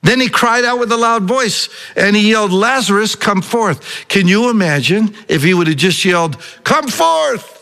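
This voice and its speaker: A man preaching a sermon, storytelling with lively acted-out voices and rising emphasis. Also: sits high, brisk, hardly any pauses. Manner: animated preaching, acting out Bible voices. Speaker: pastor.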